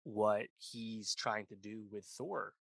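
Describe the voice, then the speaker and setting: A man's voice: lowish voice, takes it slowly, gravelly, no echo. A man co-hosting a pop culture podcast, chatting casually and rambling, full of "like" and "you know, right?". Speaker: podcast co-host. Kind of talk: casual chat.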